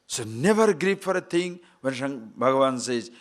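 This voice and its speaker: A man's voice: mid-range voice, very animated, normal speed, few pauses, fairly bright tone. A man giving a spiritual discourse as a swami, asking rhetorical questions and acting out quoted voices. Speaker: swami teaching scripture.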